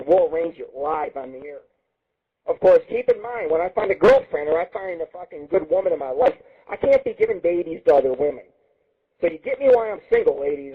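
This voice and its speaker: A man hosting a live internet radio show, talking in a loud, profane, manic ramble that jumps between topics. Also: high-pitched, husky. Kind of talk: crude rambling monologue. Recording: muffled phone-like line.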